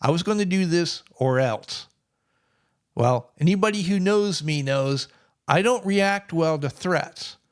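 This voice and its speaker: A man's voice: a little high, animated, measured pace. A middle-aged man telling a personal story in a plainspoken, wry way. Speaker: vlogger.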